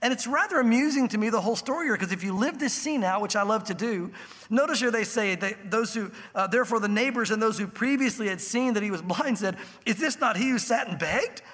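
Casting: male pastor, very high-pitched, husky, lively storytelling sermon in a church with a long reverb tail. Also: brisk. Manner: animated storytelling, acting out voices in the scene.

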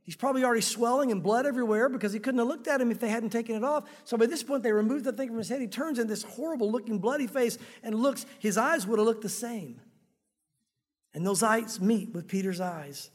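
A male pastor delivers an emphatic, conversational sermon from the pulpit. His voice sits fairly high and has a husky grain. A long hall reverb trails each phrase. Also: fast talker. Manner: emphatic and conversational, addressing the crowd as guys.

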